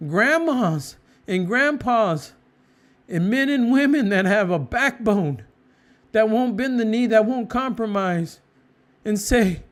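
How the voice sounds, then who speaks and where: Very high-voiced, slow, fervent man. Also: lively intonation. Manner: fervent, repetitive, hammering phrases. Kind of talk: impassioned moral preaching.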